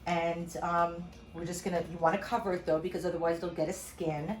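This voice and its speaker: Chatty woman chef, lowish voice. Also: flat delivery, fairly quick. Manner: chatty and rambling, full of "you know" asides. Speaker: chef and cooking host. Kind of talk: casual home cooking demonstration. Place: home kitchen.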